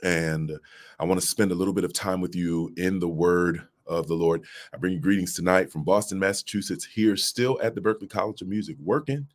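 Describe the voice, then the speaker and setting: Here a late-thirties pastor speaks a bit quickly in a low, fairly evenly pitched voice. He's livestreaming a devotional from his office through a phone, calling out to viewers in a preacher's cadence.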